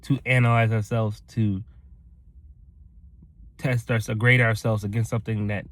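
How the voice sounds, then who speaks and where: A man's voice: on the low side, level tone, a little slow. A man giving a rambling, earnest motivational talk to his viewers, acting out other people's voices as he tells a story. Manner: rambling, earnest, addresses "ladies and gentlemen"; acts out quoted voices in his stories. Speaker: motivational vlogger.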